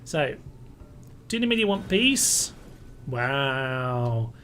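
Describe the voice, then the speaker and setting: A man's voice: big pitch swings, drawn-out words, bright, forceful tone. A man giving casual, wry commentary as he plays a strategy game, thinking aloud and mildly exasperated by setbacks. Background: faint music and air conditioner rumble.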